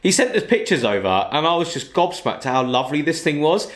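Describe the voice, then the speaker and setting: Chatty man, higher voice. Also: very animated, fairly quick, a bit bright. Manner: rambling, peppered with "you know". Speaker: car channel host. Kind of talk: casual storytelling.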